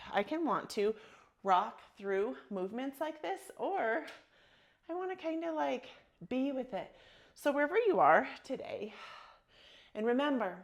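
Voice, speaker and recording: A woman leading a yoga workout, calling out breath cues in a soothing, encouraging way. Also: a little high. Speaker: yoga instructor. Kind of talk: guided yoga class cues.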